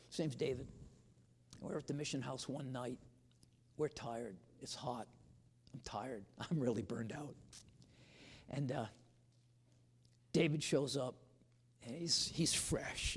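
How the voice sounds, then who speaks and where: A man's voice: medium pitch, husky, big-room sound. A man preaching a sermon, telling a personal story with humor and turning to an earnest appeal.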